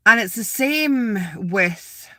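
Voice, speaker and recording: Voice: mid-range voice, expressive, takes it slowly, pushed and bright, dry recording, studio quality. A spiritual vlogger sitting outdoors in a graveyard, rambling casually to viewers, repeating words and asking them questions.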